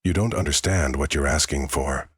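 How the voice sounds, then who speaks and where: A man's voice: extremely low pitch, moderate pace, breathy edge, dry recording, full character voice. A man voicing a cold, controlling seventy-year-old millionaire in a menacing growl, recorded dry and close. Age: older.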